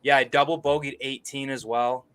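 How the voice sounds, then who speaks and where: A man's voice: medium pitch, fairly even intonation, moderate pace, a bit bright, clean tone. A young man co-hosting a laid-back golf podcast. He tells his stories with lots of energy, swears freely and acts out the quotes as he goes. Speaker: podcast co-host. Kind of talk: casual golf podcast chat.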